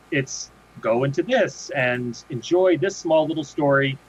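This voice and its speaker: A man's voice: fairly high pitch, unhurried, few pauses, a bit bright. A man co-hosts a podcast in a loose, rambling way, circling back to restart his sentences. His voice comes through a dull, lo-fi microphone with faint hiss underneath. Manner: rambling, many restarts and fillers. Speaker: podcast co-host. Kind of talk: casual chat. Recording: dull lo-fi sound with faint noise.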